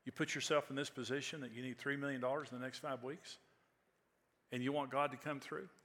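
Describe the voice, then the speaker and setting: A man's voice: mid-range voice, little pitch movement, brisk, fairly bright tone, big-room sound. A man in his sixties preaching a sermon, telling stories in a conversational way that rises to emphatic peaks. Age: 60s. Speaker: pastor. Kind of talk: sermon with storytelling.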